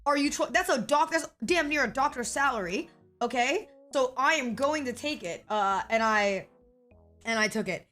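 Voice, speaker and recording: A young woman streamer telling a story to her audience in a slightly high voice. She is blunt and swears freely, and she keeps pausing on a checking "okay?". Faint music plays underneath. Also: animated, fairly bright tone. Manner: blunt and profane, often adding a checking "okay?". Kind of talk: casual storytelling to viewers.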